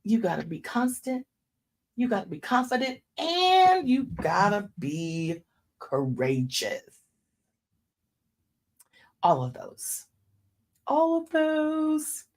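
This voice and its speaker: A woman in her fifties hosting a faith talk show, preaching in a casual, folksy way and dropping into hushed asides. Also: mid-range voice, sing-song, slow pace, long pauses. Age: 50s.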